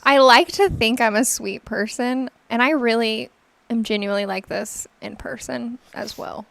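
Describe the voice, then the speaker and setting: A woman co-hosting a morning talk show, chatting casually in a quick, teasing, self-deprecating way. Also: fairly high pitch, gravelly, a bit bright.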